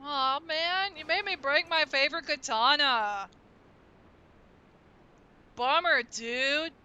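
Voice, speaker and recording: A woman voicing a young male villain as a carefree surfer dude, slow and slangy, in a game playthrough. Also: sits high, bright, forceful tone, lo-fi sound, voice pushed up, heavily acted. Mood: mock-casual.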